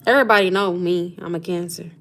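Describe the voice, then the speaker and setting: Fast, steady and a bit bright, on the low side in pitch, this woman in her thirties or forties runs a casual astrology live stream. Chatting about zodiac signs, she laughs often and calls everyone "honey" and "y'all".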